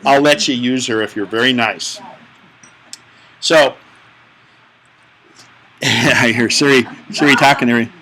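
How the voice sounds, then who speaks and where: A man's voice: medium pitch, steady tone, slow, pauses often, pushed and bright, low-quality recording. A man teaching a live tech class, explaining step by step in a chatty, joking way. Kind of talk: hands-on tech class instruction.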